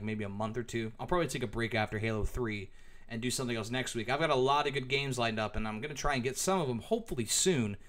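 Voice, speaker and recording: A man's voice: a little high, a bit bright. A man commentating his own live game stream, cursing at the game and then thanking viewers. He says he is losing his voice. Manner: frustrated swearing, then friendly sign-off.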